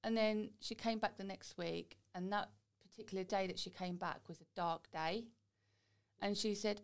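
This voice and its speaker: A woman speaking candidly about her own experience in a relaxed, chatty way. Her voice has a light gravelly fry in a mid pitch. She tells it plainly, like a guest on a talk show. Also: moderate pace. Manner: chatty, quotes people in little voices. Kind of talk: candid personal story.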